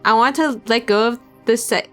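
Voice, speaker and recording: A woman's voice: fairly high pitch, normal speed, soft background music. A young woman streamer reading visual novel narration aloud, breaking off into giggly casual asides to chat.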